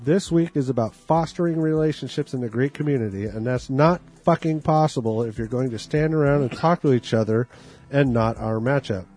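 A man's voice: medium pitch, fairly quick, a little mellow, breathy edge, soft background music. A man performing a comic dramatic reading of an angry email, delivering it as a furious, profane rant. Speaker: reader.

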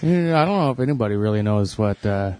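A man co-hosting a casual comedic chat, sharing bits of trivia in a relaxed way. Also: fairly low pitch, quick pace, background noise.

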